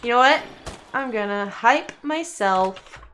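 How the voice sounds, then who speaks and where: A woman's voice: a little high, lively intonation, takes it slowly, a bit bright, a little hiss or hum. A woman streaming a game, chatting casually with viewers, giggly and chatty, who coos baby talk at her cat. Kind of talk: casual gaming livestream chat.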